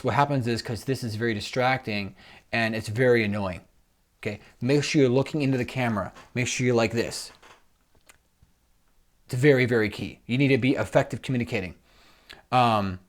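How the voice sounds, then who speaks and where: A man coaching interview skills in a recorded summary, talking straight to a camera and repeating his points. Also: mid-range voice. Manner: direct, instructive, repeats "make sure" and "all right".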